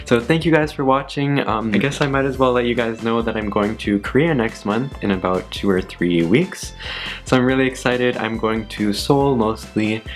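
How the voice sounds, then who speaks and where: A young man chatting casually on his channel, laughing often at himself and repeating words slowly to practice saying them. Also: medium pitch, faint music behind. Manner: giggly, self-deprecating, repeats words slowly. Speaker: YouTuber. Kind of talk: casual vlog, word list.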